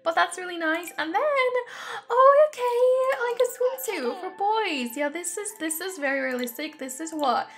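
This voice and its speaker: A young woman reviewing a video game in excitable, gushing commentary, often gasping with delight. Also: very high-pitched, normal speed, few pauses. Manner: gushing and excitable, frequent gasps. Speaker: gaming YouTuber.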